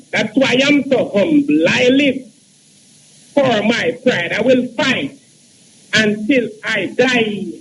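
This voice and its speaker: A man in his thirties with a very high voice calls in to recite a poem. He chants it slowly, returning again and again to the same refrains. A faint hiss of noise sits behind him. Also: fairly bright tone, poor audio. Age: 30s. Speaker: caller.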